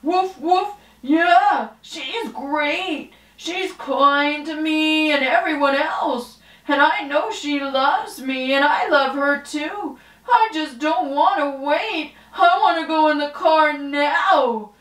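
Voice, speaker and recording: A woman voicing an excitable young dog puppet who barks between words and is impatient to go for a car ride. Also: sits high, slow, hardly any pauses, far from the mic, pitched above the performer's own voice. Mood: chatty. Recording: roomy echo.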